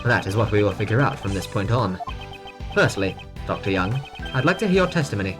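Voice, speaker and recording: Woman doing a low slow stern game prosecutor, calm and cool, music in the back. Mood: measured cool.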